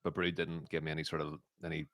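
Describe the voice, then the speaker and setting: Low voiced guy co-hosting a footy watchalong, rattles on quick n joking, dry sound. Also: flat delivery, a bit bright, no echo. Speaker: co-host of a football watchalong. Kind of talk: casual chat.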